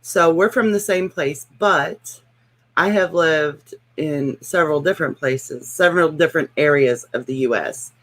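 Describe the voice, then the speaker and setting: A woman's voice: low voice, measured pace, a bit bright. A woman with a Midwestern American accent, chatting in a dry, matter-of-fact way. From Southern United States. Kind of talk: casual chat.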